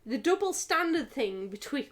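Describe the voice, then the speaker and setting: A young woman on a late-night stream, drunk, blunt and swearing a lot, quick to sound disgusted. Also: sits high, very animated. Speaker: streamer, co-host.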